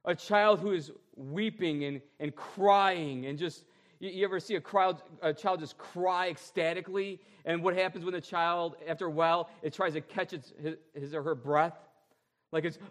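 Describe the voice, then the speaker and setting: A man delivering a sermon from the pulpit, his voice sitting a little high for a man. He leans hard on key phrases and stretches them slowly. Then he drops to quieter, lower lines. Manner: emphatic, drawn-out repeated phrases, shifting between loud and soft. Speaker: pastor.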